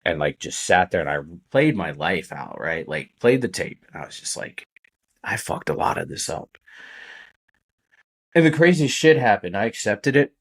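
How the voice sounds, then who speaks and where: A man's voice: low voice, sing-song, moderate pace, hardly any pauses, fairly bright tone. A man, a podcast guest, telling his own story in a candid, casual way, swearing often and using many fillers.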